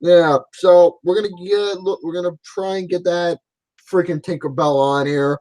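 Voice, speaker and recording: Man, podcast co-host, tired and laid-back, fairly high voice, dry sound. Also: fairly even intonation, normal speed, mellow, dry recording. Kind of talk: casual chat.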